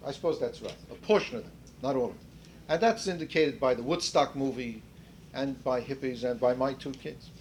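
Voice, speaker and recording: A man's voice: medium pitch, a little fast, slight background noise. An older man leading a seminar discussion in a conversational lecturing way, rephrasing as he goes and putting questions to the group. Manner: conversational, restarts and rephrases mid-sentence. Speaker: seminar leader.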